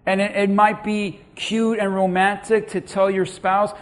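A man in his thirties preaching a sermon as a pastor, swinging between hushed lines and loud peaks and acting out the people he quotes. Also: sits high, a little slow, few pauses. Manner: preaching with dramatic swings in loudness and acted-out quotes.

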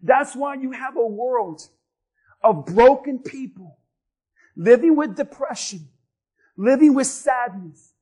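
A man's voice: very high voice, animated, takes it slowly, long pauses, warm tone, husky, rough recording. A male pastor delivering an emphatic sermon, driving points home through repetition.

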